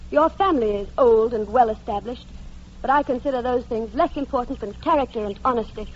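An actress playing a proud, sharp-witted young gentlewoman who speaks with poised, pointed politeness, in a radio play on a dull lo-fi recording. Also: on the high side, fairly quick, lightly acted. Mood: cool. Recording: dull lo-fi sound.

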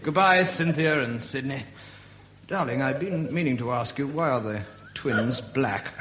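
A man's voice: mid-range voice, measured pace, background noise, close to an everyday voice. A man playing a pompous, rambling retired First World War colonel in a comic radio sketch. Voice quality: posh, plummy. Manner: rambling, self-satisfied. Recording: echoey muffled old radio recording.

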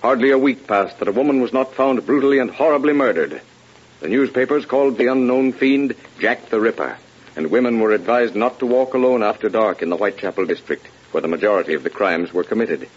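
A man narrating a vintage radio drama in a measured, ominous storytelling manner. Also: medium pitch, husky. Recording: lo-fi old radio broadcast.

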